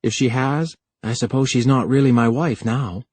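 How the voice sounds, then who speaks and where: A man's voice: medium pitch, fairly even intonation, moderate pace, darkish tone, husky, no room sound, lightly acted. A man reading an earnest young apprentice.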